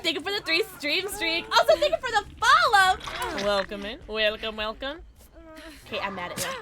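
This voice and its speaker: A woman streaming a game, chatting casually with viewers in an excitable way, with sudden high yelps and laughs. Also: very noisy. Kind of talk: casual livestream chat while gaming. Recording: game music behind the voice. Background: game music.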